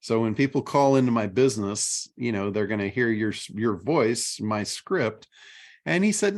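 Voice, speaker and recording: A middle-aged man hosting a casual chat show, telling stories in an animated way. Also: lowish voice, moderate pace. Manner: animated storytelling. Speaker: podcast host.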